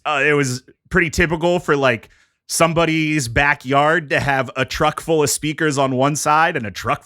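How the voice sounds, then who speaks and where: A man's voice: a little high, sharp tone, dry recording, studio quality. A man hosting a casual podcast, presenting a music history topic from prepared notes in a jokey, conversational way.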